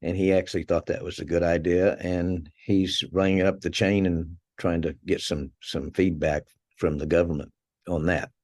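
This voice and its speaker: A man's voice: low voice, steady tone, moderate pace, darkish tone, no echo, studio quality. A man being interviewed as a podcast guest, telling anecdotes in a conversational way, chuckling now and then and restarting his words.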